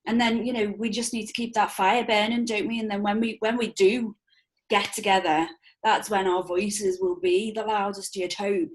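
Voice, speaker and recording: A woman chatting in an earnest, reflective way. Her voice sits at an ordinary middle pitch, and she often adds fillers and asks for agreement. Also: fairly even intonation, moderate pace. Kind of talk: casual chat.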